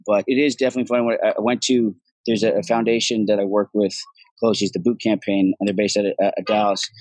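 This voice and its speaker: A man's voice: on the low side, level tone, fast talker, a little mellow, dry recording, poor audio. A middle-aged man from Ireland, an actor guest telling stories in casual podcast chat, swearing freely and acting out the voices of people he quotes.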